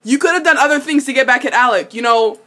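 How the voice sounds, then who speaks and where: A young woman vlogger recaps a TV episode casually and animatedly, often exclaiming, swearing, and laughing. Her voice is high-pitched and her pace quick.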